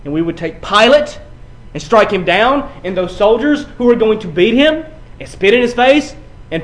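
High-voiced man preaching a sermon. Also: expressive, normal speed, few pauses, rough recording. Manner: builds from quiet to emphatic, repeats words. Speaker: pastor.

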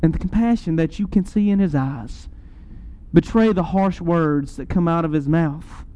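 Male preacher, high mellow voice, earnest sermon delivery with emphatic surges. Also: moderate pace, highs cut off. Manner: earnest, rising to emphatic peaks.

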